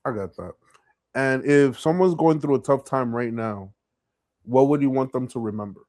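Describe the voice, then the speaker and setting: A man's voice: mid-range voice, moderate pace, no echo. A man hosting a podcast, recorded dry with no room sound. He talks in an easy, agreeable way, sharing his own reflections between his questions. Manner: agreeable, relaxed conversational reflections. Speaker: podcast host. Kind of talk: casual podcast interview.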